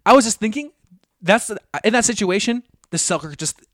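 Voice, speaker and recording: Rowdy young podcast guy, bouncy high voice, swears a lot. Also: lively intonation, brisk, a bit bright, dry recording, clean studio sound. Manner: rowdy, profane storytelling with mocking impressions. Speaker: podcast co-host. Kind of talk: casual podcast banter.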